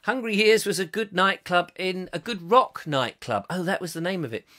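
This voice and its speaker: Man from england, comic live host, rambling and jokey, bright tense voice, slightly high. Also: expressive, normal speed. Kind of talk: comic live chat reading viewer comments.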